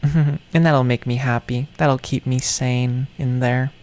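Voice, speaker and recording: A man's voice: medium pitch, steady tone, slow pace, darkish tone. A man rambling through a vlog monologue about his toys, joking like a villain and trailing off into mumbles. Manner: playfully menacing, meandering, self-mocking villain talk. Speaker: toy vlogger.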